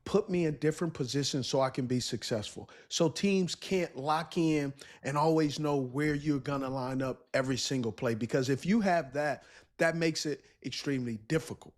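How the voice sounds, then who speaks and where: A man's voice: a little high, normal speed. A man, a former pro player, giving emphatic football analysis and repeating his points. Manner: emphatic, repeats points, acts out what defenses think. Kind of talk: sports analysis commentary.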